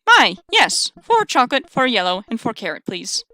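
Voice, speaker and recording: A woman's voice: on the high side, huge pitch swings, moderate pace, bright, forceful tone, no room sound, full character voice. A woman voicing a giant spider who is a sweet, doting old lady and wedding planner, calling everyone dearie, in a visual novel game.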